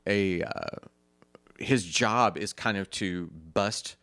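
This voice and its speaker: Guy with a low voice rambling thru a funny story, dry close mic. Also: slow pace, a bit bright, clear, resonant tone, no echo. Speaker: podcast co-host. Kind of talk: casual chat.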